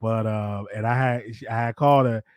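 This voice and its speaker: A man hosting his own show in rambling, animated casual chat, thinking out loud. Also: on the low side, moderate pace, clean tone, dry recording. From Dallas, Texas. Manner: rambling, animated, talks to himself aloud. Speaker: show host.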